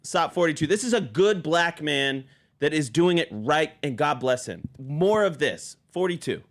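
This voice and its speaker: A man in a studio hosting a casual talk show, his voice sitting a bit high. He talks with emphatic, indignant energy and laughs easily between points. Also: animated, normal speed. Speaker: podcast host. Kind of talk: casual political chat. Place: podcast studio.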